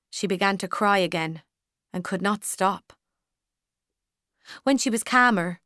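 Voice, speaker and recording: Woman narrator for audiobook, unhurried, measured, dry close mic. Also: mid-range voice, no room sound. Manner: measured, even storytelling.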